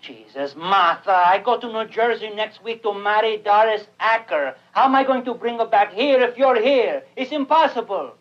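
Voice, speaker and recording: A man's voice: sits high, animated, normal speed, few pauses. An actor playing a slick, callous con man who talks bossily and coldly, from a dull old film soundtrack. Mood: pressing. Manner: impatient, bossy, cold.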